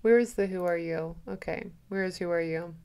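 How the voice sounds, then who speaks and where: A woman giving excited reaction commentary on a trailer, gushing and speculating aloud, breaking into gasps and squeals. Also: lowish voice, moderate pace, clean tone.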